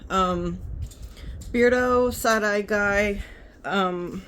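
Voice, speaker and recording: A woman's voice: mid-range voice, extremely slow, fairly bright tone, a little hiss or hum. A woman telling rambling stories in a casual vlog, talking into her phone. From United States. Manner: chatty, rambling. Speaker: vlogger.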